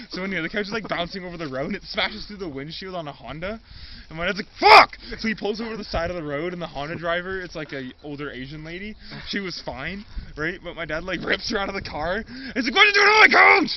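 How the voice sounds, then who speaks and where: A man's voice: high-pitched, fast. A young man telling an absurd improvised comedy story, rambling with lots of "like" and chuckling. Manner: rambling, heavy use of "like", chuckling. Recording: dull lo-fi recording with crowd noise.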